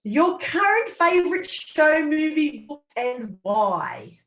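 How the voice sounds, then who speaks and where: Woman interview host, effusive and gushing, lively swooping pitch, echoey room. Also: takes it slowly. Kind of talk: interview hosting.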